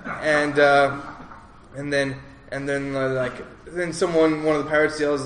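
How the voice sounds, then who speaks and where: A man's voice: a little high, little pitch movement, a little slow, a bit bright, echoey room, a little hiss or hum. A man telling a long personal story in a loose, rambling way, full of fillers and restarts, laughing at himself now and then. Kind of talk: casual spoken story, rambling and animated.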